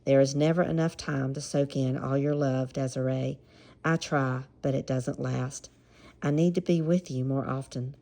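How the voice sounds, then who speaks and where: A woman with a Southern American accent reading the lines of a tender, possessive male singer in a soft, insistent, pleading way. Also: very deep voice, fairly even intonation, normal speed.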